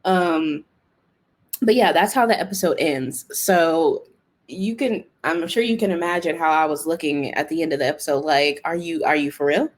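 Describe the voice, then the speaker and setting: A woman hosts a casual TV recap podcast. She is animated and chatty, with plenty of fillers, and she acts out what the characters say. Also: low voice, moderate pace. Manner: animated, acts out characters' lines, exclaims and laughs; chatty, lots of fillers like "like" and "you know". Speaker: podcast host.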